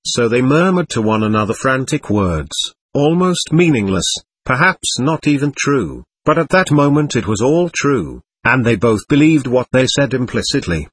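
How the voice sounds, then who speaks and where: Male audiobook narrator, measured expressive reading, husky voice, lively pitch, dry close sound. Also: no echo. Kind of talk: scripted narration of a novel.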